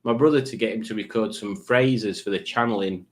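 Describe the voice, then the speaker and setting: A man's voice: fairly low pitch, brisk. A man hosting a live stream, chatting casually and rambling from one tangent to the next. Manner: rambling, playful, breaks into silly put-on voices.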